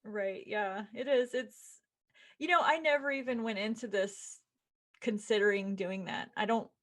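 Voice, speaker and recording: A woman's voice: mid-range voice, measured pace. A middle-aged woman podcast co-host and author, telling stories in casual chat and acting out what people said. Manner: chatty storyteller, acts out quotes in voices.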